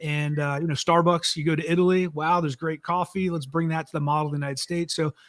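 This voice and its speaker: A middle-aged man, an author and former executive, talking in a relaxed, conversational way with frequent fillers in an interview. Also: on the high side, fast talker, no echo. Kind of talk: casual interview talk.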